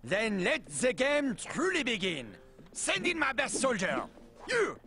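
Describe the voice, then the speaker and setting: A man's voice: very high-pitched, wildly swooping pitch, takes it slowly, bright, forceful tone, heavily acted. A man playing a pompous, scheming Napoleon with a French accent in a video game. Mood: gloating. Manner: theatrical, gloating, mocking.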